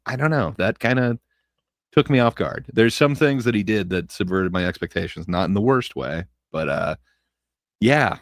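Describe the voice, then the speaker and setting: A man's voice: low voice, no room sound, studio quality. A man hosting a podcast, chatting casually about films, laid-back with frequent fillers and chuckles. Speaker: podcast host. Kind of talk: casual chat.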